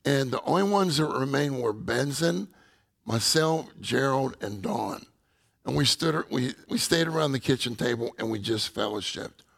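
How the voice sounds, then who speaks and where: Gravelly-voiced man preaching conversationally. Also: medium pitch, fairly bright tone. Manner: reflective, conversational, many fillers. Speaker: minister answering questions at a church meeting. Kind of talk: informal sermon with personal stories.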